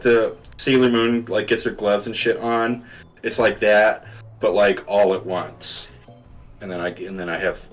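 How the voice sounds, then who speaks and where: A man's voice: medium pitch, fairly bright tone, low-quality recording. A man playing a tabletop game, hesitant and playful, full of fillers as he describes his moves. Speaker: player. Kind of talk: casual tabletop play.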